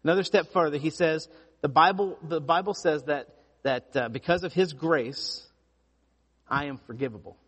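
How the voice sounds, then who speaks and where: A pastor preaching a sermon, telling stories with lively emphasis and frequent restarts. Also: male voice, fairly high pitch, normal speed, slightly rough, long reverb tail. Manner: animated storytelling with repeated restarts.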